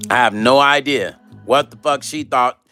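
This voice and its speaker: A middle-aged man hosting a casual live stream, telling gossipy stories in an animated way, swearing and reading out chat comments. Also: mid-range voice, normal speed, clear, resonant tone, faint music behind. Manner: animated, swearing, acts out quoted voices, talks to chat.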